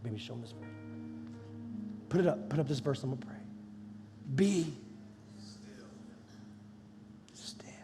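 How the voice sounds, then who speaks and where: A male pastor preaching a sermon, swinging between loud passionate preaching and soft near-whispers. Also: medium pitch, animated, moderate pace, pauses often. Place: church sanctuary. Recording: live hall with long reverb and music underneath.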